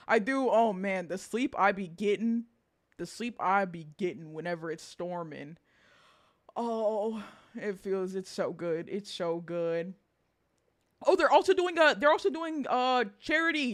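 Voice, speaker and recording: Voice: mid-range voice, a bit bright. A VTuber streamer chatting casually with chat, reading messages aloud, swearing freely and often breaking into laughter.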